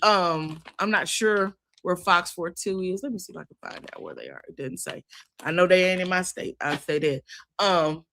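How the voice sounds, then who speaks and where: A woman's voice: lowish voice, sing-song, moderate pace, gravelly, fairly bright tone. A woman hosting a casual news commentary show, folksy and chatty, talking straight to her listeners. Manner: chatty, folksy, addresses listeners as y'all and child. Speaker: host.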